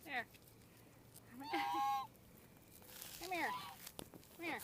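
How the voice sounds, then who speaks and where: A woman's voice: high voice, slow pace, long pauses. A woman feeding geese at a park and coaxing them along in a sing-song, laughing way, swearing casually, filmed on a phone outdoors. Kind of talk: casual phone video chatter. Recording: loud outdoor noise with honking geese. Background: honking geese.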